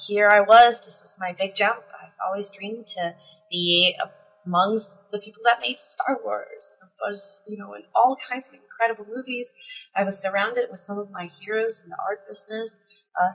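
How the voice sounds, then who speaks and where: A woman guest telling a candid, reflective story about her work, with frequent ums and soft laughs. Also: mid-range voice, normal speed, poor audio. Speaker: concept artist guest.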